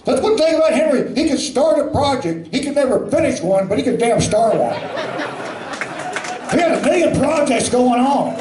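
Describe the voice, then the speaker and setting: Man, high voice, plainspoken rambling eulogy, echoey hall, faint room noise. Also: big pitch swings, normal speed, a little mellow, a faint crowd. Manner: rambling, plainspoken storytelling with folksy asides. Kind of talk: spoken eulogy.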